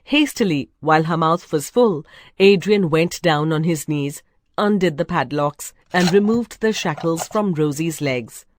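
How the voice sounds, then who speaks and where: Female narrator for a storybook reading, lowish voice, measured and expressive, dry close sound. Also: dry recording. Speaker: reader.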